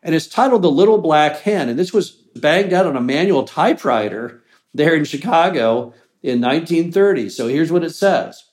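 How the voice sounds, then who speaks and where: A man's voice: fairly high pitch, animated, normal speed, darkish tone. A man hosting a business show, giving an earnest, plainspoken motivational talk. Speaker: host of a mobile home park business show.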